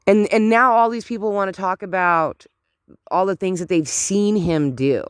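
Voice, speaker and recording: A middle-aged woman ranting in a casual outdoor vlog, animated and indignant, rambling with many fillers, recorded on a handheld phone. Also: mid-range voice, normal speed, clear, resonant tone, no echo, clean studio sound. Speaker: vlogger. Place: outdoors in cold morning air.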